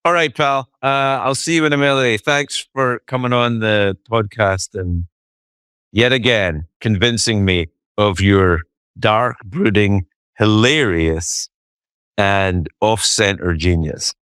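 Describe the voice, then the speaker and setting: A man's voice: fairly low pitch, slow pace, a bit bright, clear, resonant tone, no echo, studio quality. A man hosting a podcast in casual chat, joking and swearing freely while on a remote call. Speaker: podcast host. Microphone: remote call, he is far from his guest.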